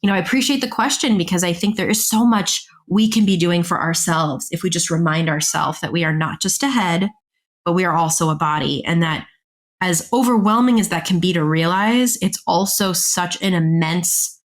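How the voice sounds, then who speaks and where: Thirties woman, therapist guest on a podcast; slightly low pitch, thoughtful explanatory delivery. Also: moderate pace. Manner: reflective, explanatory, acts out quoted thoughts. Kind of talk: casual podcast conversation.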